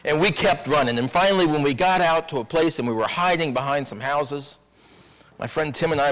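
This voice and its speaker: Guy preaching a sermon in a big church, kinda high voice, wry confiding storyteller, long echo. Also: brisk, a bit bright. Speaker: minister. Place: church sanctuary.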